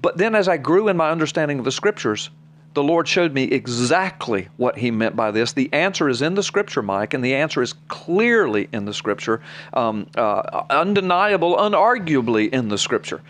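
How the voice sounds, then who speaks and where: Man, preacher, podcast bible teaching, reads scripture aloud, earnest explanations, average pitch. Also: expressive, moderate pace, fairly bright tone. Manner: earnest, personal testimony.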